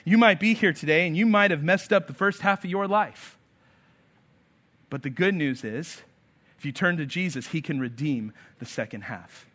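A male pastor preaching with an emphatic delivery, slipping into voices for the people he quotes. His voice sits fairly high and sounds bright and forceful. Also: moderate pace. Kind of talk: sermon.

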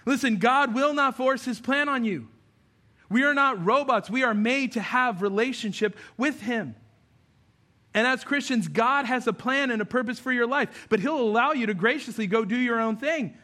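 A man preaching a sermon to his congregation as pastor, animated, moving between loud emphasis and low, quiet tones. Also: normal speed. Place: church sanctuary.

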